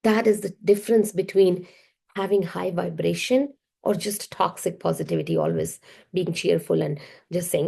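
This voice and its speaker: A woman's voice: lowish voice, moderate pace, vocal fry, dark tone, husky. A woman self-worth coach giving an emphatic, repetitive motivational masterclass talk.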